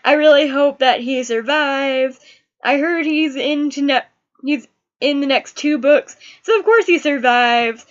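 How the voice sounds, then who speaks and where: A young woman talks through a book review in a casual, gushing way. Her voice sits high, and she gets openly emotional about the characters. The recording is dull and lo-fi. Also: a little slow.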